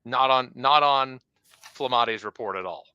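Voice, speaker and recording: A man co-hosting a casual podcast, recapping testimony in an animated, exasperated way. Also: medium pitch, normal speed, smooth, lo-fi sound. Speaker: co-host recapping trial testimony.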